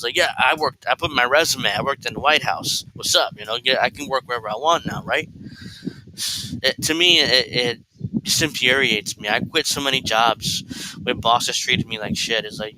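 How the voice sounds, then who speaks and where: A man reacting to a clip on his live stream, talking bluntly and with profanity, stumbling over restarts. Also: medium pitch. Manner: blunt and profane, with frequent restarts and incredulous outbursts. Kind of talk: casual reaction commentary. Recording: noisy stream audio.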